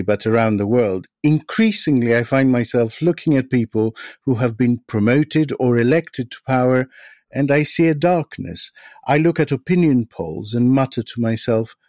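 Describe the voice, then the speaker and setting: Podcast host guy, measured and thoughtful, dry close mic. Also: mid-range voice, darkish tone, dry recording. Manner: measured, reflective, articulate. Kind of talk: scripted intro then interview questions.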